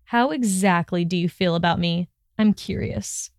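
A woman voicing an arrogant, sneering young wizard with a quick, mocking drawl. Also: lowish voice, no room sound, clean studio sound, lightly acted.

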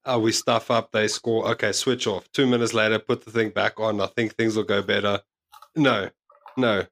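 Wry, lower-voiced podcast man. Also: little pitch movement, normal speed, fairly bright tone. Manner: frustrated, wry. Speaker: podcast co-host. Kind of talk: casual chat.

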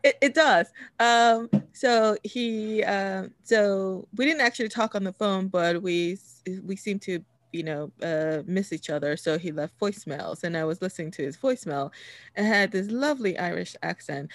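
A woman's voice: mid-range voice, moderate pace, dry recording, studio quality. Chatty woman telling a story. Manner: chatty, many fillers and restarts, laughs while telling. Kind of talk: casual storytelling chat.

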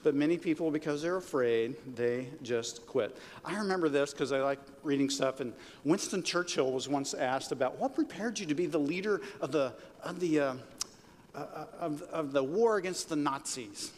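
A man's voice: fairly high pitch, normal speed, long reverb tail. A man preaching a sermon in a conversational way, often checking in with "right?" and "okay?". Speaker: pastor.

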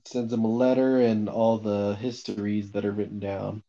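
A man's voice: lowish voice, little pitch movement, moderate pace, creaky, mellow, dull audio. A man casually recapping a novel on a podcast, rambling with lots of fillers and the odd swear. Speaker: podcast co-host recapping a book. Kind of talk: casual book discussion.

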